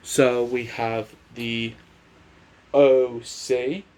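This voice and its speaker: Brief: male vlogger, slow and unhurried delivery, chatty and rambling, mid-range pitch. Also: level tone, darkish tone. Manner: rambling, chatty, restarts his sentences. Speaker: wrestling commentator. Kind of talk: casual predictions vlog.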